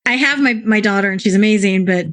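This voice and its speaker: A woman's voice: mid-range voice, fast, a bit bright. A woman in her forties, co-hosting a podcast and telling candid, self-deprecating stories in casual chat. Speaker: podcast co-host.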